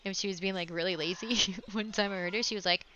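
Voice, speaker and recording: A woman streaming a game, reading its text aloud and chatting with a giggly, animated manner. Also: mid-range voice, quick pace, noisy background. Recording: dull lo-fi stream audio with music.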